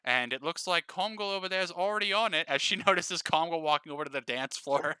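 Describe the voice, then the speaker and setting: A man's voice: a little high, sharp tone, clear, resonant tone, no echo. A man running a tabletop game as game master, narrating scenes and calling for dice rolls, often laughing. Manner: laughs often, quick asides.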